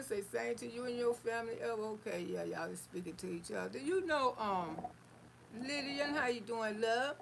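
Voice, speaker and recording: Gravelly woman chatting live. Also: fairly high pitch, fairly bright tone, slight background noise, rough recording. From Florida, US. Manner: folksy and affectionate, calls listeners honey, sugar and baby. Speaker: livestream host. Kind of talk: casual livestream chat reading viewer comments.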